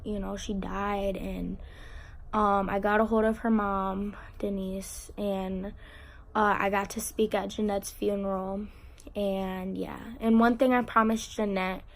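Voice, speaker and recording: A teenage girl telling an emotional personal story to camera, halting and on the verge of tears, with many fillers and restarts. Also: medium pitch. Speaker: vlogger.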